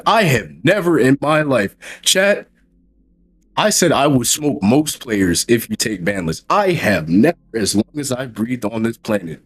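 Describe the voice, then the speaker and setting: Husky-voiced man ranting on stream. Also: medium pitch, big pitch swings, measured pace, fairly bright tone. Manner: emphatic, repeats rhetorical questions, swears freely. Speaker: streamer and host. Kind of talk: casual stream chat.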